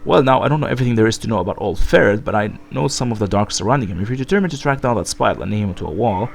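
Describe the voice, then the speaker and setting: A man's voice: fairly low pitch, racing, gravelly, a little hiss or hum. A man reading a wry old barkeep. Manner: read flatly in the performer's own voice, no accent attempted.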